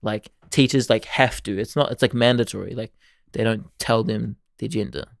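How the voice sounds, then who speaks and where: A young man in casual, animated banter with a friend. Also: lowish voice, moderate pace, vocal fry, dry recording, clean studio sound. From New Zealand. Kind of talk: casual chat.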